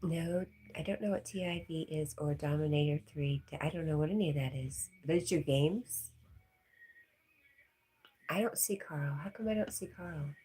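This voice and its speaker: A woman's voice: sits low, moderate pace, mellow. A woman hosting a casual livestream, reading viewer comments aloud and chatting back with frequent laughs. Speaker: livestream host.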